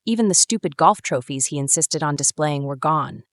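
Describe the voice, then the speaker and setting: A woman in her thirties narrating a first-person drama story in a measured, brooding way. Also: deep voice, lively intonation, no room sound, studio quality. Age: 30s.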